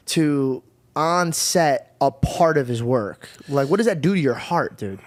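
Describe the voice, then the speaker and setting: Male host, slightly high voice. Enthusiastic, casual, swears freely. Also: animated, unhurried. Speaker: podcast host. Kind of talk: casual chat.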